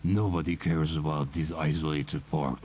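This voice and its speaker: An actor playing a creepy, sinister old man who warms himself by a fire, in video game dialogue. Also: rumbling low, steady tone, a little hiss or hum. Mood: grim. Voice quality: sinister, slow.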